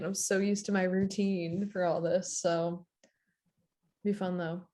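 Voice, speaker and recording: A woman co-hosting a casual podcast, speaking in a relaxed, frank way. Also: lowish voice, a little slow. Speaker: podcast co-host.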